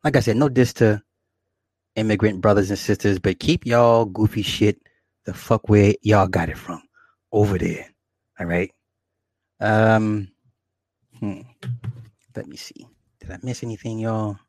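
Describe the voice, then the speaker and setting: A man's voice: lowish voice, a little slow, pauses often, darkish tone, dry recording. Profane, boastful man ranting. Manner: boastful, swearing, laughing often, repetitive. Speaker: vlogger. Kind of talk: profane comedic rant to viewers.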